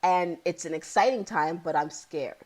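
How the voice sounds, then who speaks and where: A woman's voice: lowish voice, normal speed, rough recording. A woman in her thirties or forties, a psychotherapist guest, telling her own story candidly and with feeling, often repeating key phrases. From Ontario, Canada.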